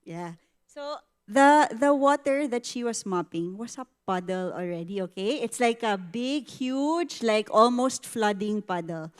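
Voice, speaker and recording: Unhurried Filipino woman telling a story. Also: fairly high pitch, clear, resonant tone. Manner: animated storytelling, switching into Tagalog, acting out quotes. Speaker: women's ministry speaker. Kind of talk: conversational sermon testimony.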